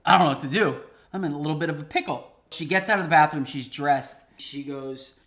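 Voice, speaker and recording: Male cooking host with a bright, upbeat voice, spinning comic stories with lots of laughs. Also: a little high, normal speed. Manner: animated, laughing, conversational. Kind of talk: comic storytelling while cooking.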